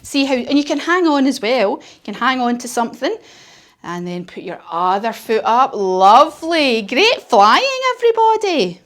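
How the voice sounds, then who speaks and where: A woman's voice: high voice, big pitch swings, normal speed. A woman telling a story while leading a children's yoga class, playful and encouraging. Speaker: kids yoga teacher.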